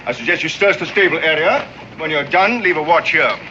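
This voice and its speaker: A stern sarcastic commodore, formal, expressive voice, dull old TV soundtrack with noise. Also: male voice, a little high, fairly quick. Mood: sarcastic, commanding. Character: haughty British naval commodore, sarcastic and commanding. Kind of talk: 1960s TV drama acting.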